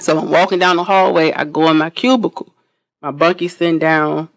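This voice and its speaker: A woman guest on a podcast telling an animated, blunt story with swearing, often repeating herself and restarting sentences. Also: low-pitched, brisk, no echo. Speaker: interview guest.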